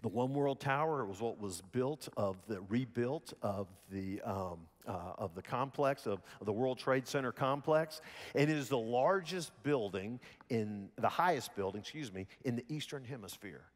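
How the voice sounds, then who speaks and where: A man with a Southern American accent from Alabama, preaching a sermon in a folksy storytelling manner with lively voiced quotes. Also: medium pitch, moderate pace, long reverb tail. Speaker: pastor. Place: church sanctuary.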